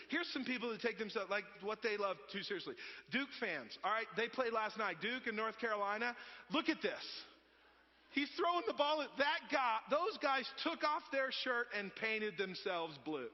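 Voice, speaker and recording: A high-pitched man in his thirties preaches in a loose, chatty storytelling manner, swinging from loud to hushed. His voice carries a long hall reverb, and the recording sounds muffled. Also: expressive, moderate pace. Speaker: pastor. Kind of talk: sermon. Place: church sanctuary.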